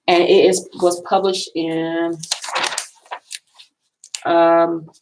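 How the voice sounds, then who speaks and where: A woman's voice: lowish voice, flat delivery, very slow, darkish tone, poor audio. A woman vlogging casually from a college library, rambling and repeating herself as she shows off books. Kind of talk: casual talk showing books.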